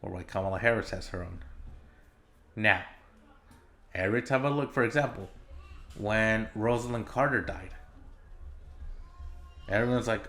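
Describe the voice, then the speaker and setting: A man's voice: fairly low pitch, moderate pace, pauses often, a bit bright, faint music behind. A man hosting his own solo podcast, ranting in an exasperated, casual way with lots of swearing and filler words. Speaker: podcast host.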